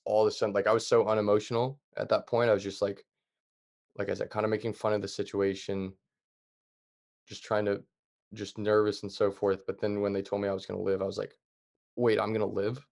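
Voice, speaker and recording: A young adult man calmly retelling a story as a podcast guest, with plenty of fillers and loose, plain phrasing. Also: lowish voice, brisk, vocal fry. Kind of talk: casual storytelling.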